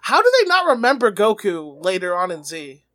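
A man's voice: high-pitched, huge pitch swings, fairly quick, bright, forceful tone, no room sound. A man co-hosting a podcast, chatting casually and animatedly, laughing often and swearing. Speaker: podcast co-host.

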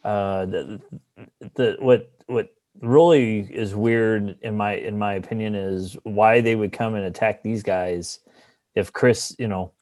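A man's voice: on the low side, steady tone, slow pace, darkish tone, no echo. A man playing a tabletop role-playing game, thinking aloud and laughing easily. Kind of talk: casual in-character game talk.

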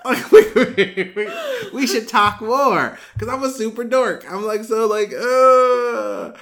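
A man's voice: extremely high pitch, sing-song, slow pace, hardly any pauses, crowd noise. A young man hosting a podcast in casual chat, swearing and laughing often as he acts out voices of people he talks about. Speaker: podcast host. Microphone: headphones on, podcast mic.

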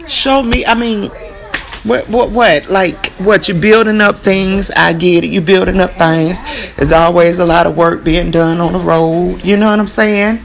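Gravelly woman ranting casually. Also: on the low side. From Texas. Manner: emphatic, repeats "you know what I'm saying". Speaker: podcast host. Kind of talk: casual opinion monologue.

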